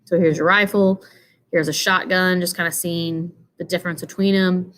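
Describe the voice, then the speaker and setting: Speaking at normal speed with fairly even intonation, this teacher has a lowish, fairly bright voice, and there is slight background noise. She walks through slides in a casual explanatory lecture full of fillers and asides, yawning and sounding worn out.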